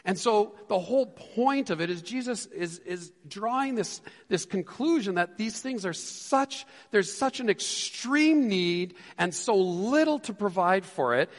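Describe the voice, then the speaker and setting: A man preaching a sermon as a pastor, animated and acting out the disciples' lines. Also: sits high, a little slow, few pauses, in a large hall.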